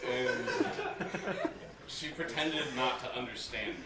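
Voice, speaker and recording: A man doing a stand-up routine, playing an ignorant bigot persona with a slow deadpan delivery that keeps breaking into laughter. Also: mid-range voice. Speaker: stand-up comedian. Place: party venue with a live audience. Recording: echoey room, far from the mic, loud noise.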